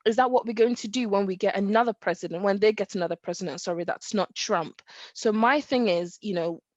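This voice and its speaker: A woman co-hosting a podcast, talking casually and acting out quotes with animated emphasis. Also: mid-range voice, fairly quick, dry recording, lo-fi sound. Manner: animated, acts out quotes, laughs. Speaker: podcast co-host. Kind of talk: casual faith discussion.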